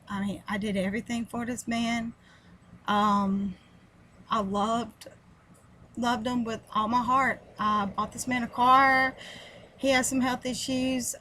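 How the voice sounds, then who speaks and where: A woman's voice: fairly high pitch, fairly bright tone, a little hiss or hum, rough recording. A woman in her forties telling a personal story, heartfelt and on the edge of tears. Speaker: vlogger sharing a personal story. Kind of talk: earnest personal testimony.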